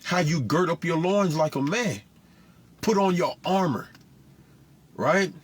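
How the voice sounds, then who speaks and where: Husky guy teaching scripture, says man every line, voice sits kinda high. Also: slow pace. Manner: street talk, says "man" constantly. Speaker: preacher.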